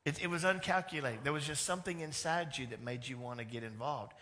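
Animated male pastor preaching a sermon. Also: mid-range voice, fast. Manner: animated, swings between loud emphasis and hushed lines.

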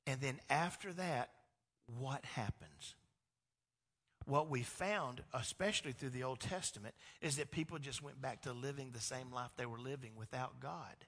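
A man preaching a sermon as pastor, animated and acting out quoted dialogue, swinging between loud emphatic peaks and quiet low passages. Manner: animated, acts out God and the people in quoted dialogue.

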